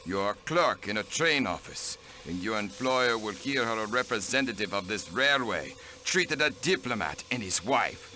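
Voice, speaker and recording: A haughty diplomat count. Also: male voice, on the low side, lively intonation, moderate pace, few pauses, pushed and bright, slight background noise. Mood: cold. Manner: cold, haughty, clipped. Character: haughty middle-aged male diplomat count. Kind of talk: video game voice acting.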